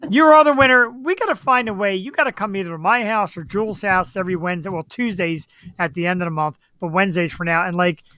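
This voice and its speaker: A man co-hosting a live web talk show, upbeat and chatty, reading out viewer shout-outs and upcoming guests. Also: high-pitched, fast, hardly any pauses. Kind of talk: casual live-show chat and announcements.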